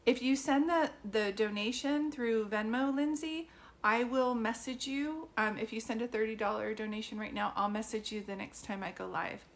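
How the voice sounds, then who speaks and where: A chatty woman hosting a livestream as a medium, her voice sitting a little high. She talks informally into a phone or computer mic, often pausing with ums and calling people sweetie. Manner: chatty, addresses viewers as sweetie, many ums. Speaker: psychic medium doing live readings. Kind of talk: livestream chat with viewers.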